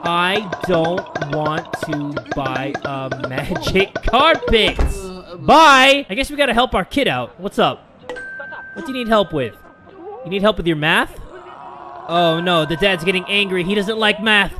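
A man giving comedic let's-play commentary, excitable and swearing, with loud outbursts. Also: sits high, moderate pace, soft background music. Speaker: gaming video host.

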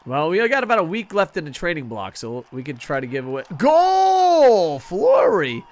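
A fairly high-voiced man streams a hockey video game from a desk mic at home. He swears freely, jokes at his own expense and gets worked up quickly. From United States. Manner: excitable, profane, self-mocking. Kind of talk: casual gaming stream commentary.

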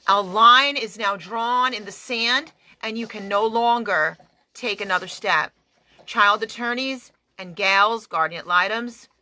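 A woman's voice: mid-range voice, sharp tone. A woman leading a fiery, commanding prayer and reading scripture with emphatic, declaiming delivery, speaking from a parked car. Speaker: activist prayer leader.

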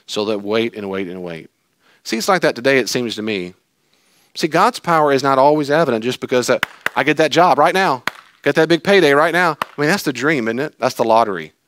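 Man, pastor, sermon, animated storytelling, medium pitch, dry close sound. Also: brisk, no echo. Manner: animated, jokey storytelling with acted-out voices.

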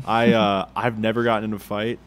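Laid-back, low-voiced young man podcaster. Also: little pitch movement, moderate pace, clean tone. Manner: laid-back, swears a lot, says dude and like. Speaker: podcast co-host. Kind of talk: casual chat. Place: apartment room.

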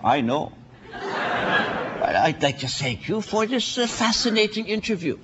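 A man doing a comedy impression of a vain former prime minister who interviews himself, smug and halting with many uhs. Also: high-pitched, very animated, dull audio, heavy background noise.

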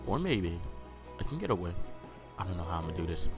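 Young dude gaming commentary, low voice but jumps all over, cussing a lot, music playing behind. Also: male voice, fast talker, long pauses. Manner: excitable, profane, yelps and repeats himself in panic. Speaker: gaming YouTuber. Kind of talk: Minecraft let's-play commentary. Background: background music.

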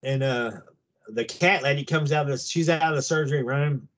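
A man over fifty telling a long personal story in a casual, halting way, full of restarts. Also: mid-range voice, fairly bright tone. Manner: halting, rambling, with many restarts. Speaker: guest recounting an abduction experience.

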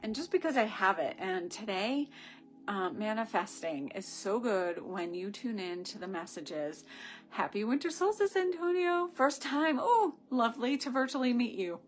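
A woman's voice: on the high side, expressive, moderate pace, soft background music. A woman leading a live-streamed ritual, talking to viewers through a phone camera. She is effusive and rambling, with gushing asides. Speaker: spiritual ritual leader.

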